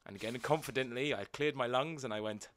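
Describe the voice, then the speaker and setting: A man's voice: mid-range voice, quick pace, a bit bright, a little hiss or hum. A man co-hosting a podcast, telling self-mocking stories and acting out the voices in them. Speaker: podcast co-host. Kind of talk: casual storytelling chat.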